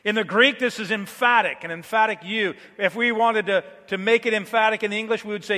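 A man preaching a sermon, moving between quiet, low passages and loud, emphatic declarations. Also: steady tone, fairly quick, few pauses, big-room sound.

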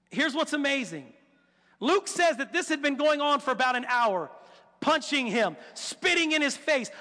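A male preacher with a very high voice tells the story in a lively, animated way, acting out the quotes and firing off rhetorical questions. His tone is bright and forceful, and a long reverb trails each phrase. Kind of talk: sermon.

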